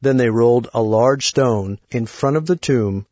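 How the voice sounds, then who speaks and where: A man reading a Bible story aloud in a measured, plain way. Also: medium pitch, warm tone, dry recording. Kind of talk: scripted Bible story narration. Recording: dull lo-fi recording.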